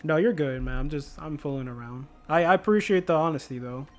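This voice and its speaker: A man's voice: on the high side, fairly quick. A man streaming a video game, chatting casually and jokingly with viewers, laughing often. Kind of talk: casual livestream chat.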